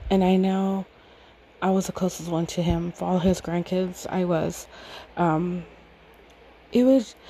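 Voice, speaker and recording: A woman's voice: lowish voice, warm tone, slight background noise, low-quality recording. Woman in her thirties, fond rambling storyteller. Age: 30s. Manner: rambling, fond, laughs often, many fillers. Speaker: podcast storyteller. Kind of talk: casual personal storytelling.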